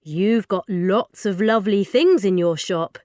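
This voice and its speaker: A woman's voice: medium pitch, a little slow, a little mellow, no echo, studio quality, lightly acted. A woman voicing an eager, naive teenage boy robot who talks in a wide-eyed, earnest way. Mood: curious. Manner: wide-eyed and earnest, asking simple questions.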